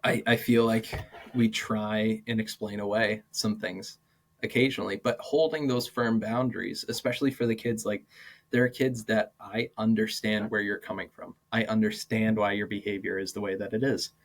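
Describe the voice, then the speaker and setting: A man in his twenties, a martial arts and PE teacher, talking casually as a podcast guest in an animated way with lots of fillers and laughs. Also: lowish voice, normal speed. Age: 20s. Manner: animated, acts out quoted dialogue, many "like" fillers, laughs often. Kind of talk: casual interview storytelling.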